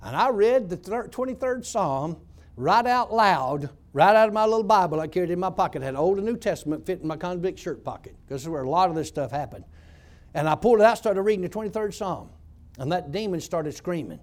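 A man's voice: sits high, expressive, fairly quick. A man telling a testimony story as a former prison pastor, in a folksy, emphatic way.

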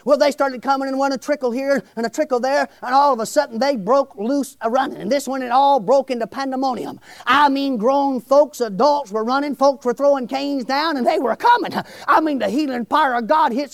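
A middle-aged man, preaching a testimony sermon in a loud, exclamatory way, often shouting. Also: very high voice, dry recording. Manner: shouting, exclamatory, breaks into laughs.

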